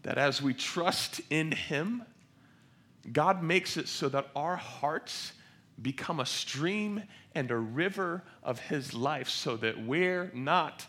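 Male pastor, bright voice, unhurried delivery, passionate sermon that swells and softens. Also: on the high side. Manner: passionate, swells loud on scripture quotes then drops soft.

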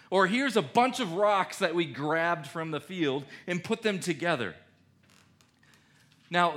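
Man, pastor, sermon, conversational, very lively intonation, bright. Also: a little high. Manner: conversational, animated preaching with audience questions.

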